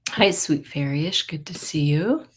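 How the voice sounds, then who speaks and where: A woman's voice: sits low, unhurried, breathy edge. A middle-aged woman hosting a psychic live stream, chatting casually and greeting viewers by name. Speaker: psychic livestream host.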